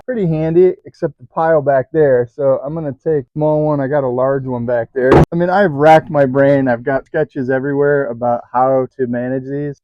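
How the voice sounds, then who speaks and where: A man's voice: a little high, dry recording, highs cut off. A man hosting a casual hands-on DIY vlog in his workshop, chatty and self-mocking, often chuckling as he demonstrates. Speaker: DIY channel host.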